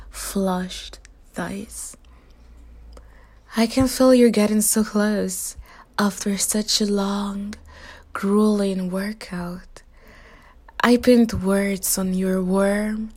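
A woman's voice: medium pitch, a little mellow. A woman speaking a teasing, dominant whispered role-play straight to the listener, often dropping into an unvoiced whisper. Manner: teasing, dominant, intimate second-person address.

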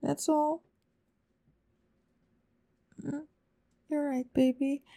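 A woman performs an intimate whispered role-play in a high, slow voice. Her tone is mellow and dark, roughened by vocal fry. She speaks breathily and pleadingly, sighing often. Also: little pitch movement.

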